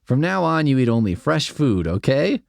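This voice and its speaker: A man reading the part of a fussy, motherly woman who gently scolds, in a prim, instructive tone. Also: mid-range voice, very animated, moderate pace, creaky, dry recording, studio quality, voice pushed up.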